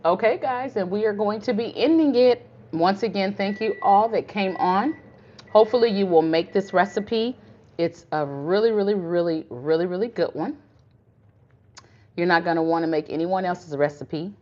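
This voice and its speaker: A woman's voice: medium pitch, normal speed. An older woman hosting a live cooking stream, chatty and encouraging in a folksy way. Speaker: cooking livestream host. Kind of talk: casual live cooking chat. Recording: muffled lo-fi livestream audio, faint room hum.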